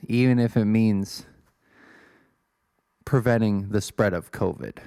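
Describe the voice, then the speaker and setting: A man's voice: mid-range voice, a little mellow, clear, resonant tone, no echo, studio quality. A man in his twenties from Illinois, hosting a solo podcast in a rambling, self-deprecating way. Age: 20s. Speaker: podcast host.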